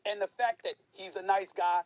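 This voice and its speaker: A man's voice: high voice, steady tone, moderate pace, low-quality recording. A man giving emphatic sports debate commentary on TV. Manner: emphatic, forceful argument.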